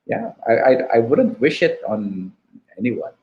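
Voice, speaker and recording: A man in his fifties with a Filipino English accent, sharing a personal testimony in an interview, reflective and halting. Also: mid-range voice, sing-song, highs cut off. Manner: slow and reflective, halting restarts, "diba" tags. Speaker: guest.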